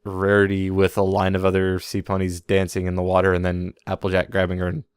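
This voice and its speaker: A man's voice: sits low, completely flat delivery, a little fast, smooth, dry recording. A man co-hosting a podcast, running through toy news in a casual chat and slipping in puns. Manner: reads news items, jokey puns. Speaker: podcast co-host.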